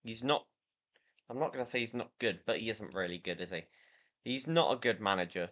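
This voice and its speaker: A man's voice: fairly low pitch, lively intonation, fairly quick, a bit bright. Chatty, tired man rambling about football. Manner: rambling, opinionated, frequent fillers and restarts. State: tired, yawning. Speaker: podcast host. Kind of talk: casual football chat podcast.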